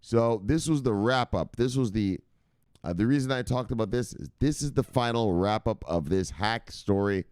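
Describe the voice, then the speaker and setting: A man's voice: fairly low pitch, lively intonation, moderate pace, darkish tone, smooth, dry recording, studio quality. A man hosting a crypto news livestream in a loose, rambling way, swearing freely and barking out catchphrase sign-offs. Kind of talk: casual livestream chat.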